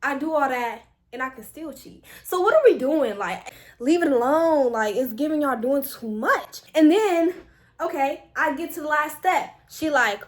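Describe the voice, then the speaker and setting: A young adult woman vlogger telling a casual storytime, animated and exasperated, full of slang. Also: high-pitched, normal speed.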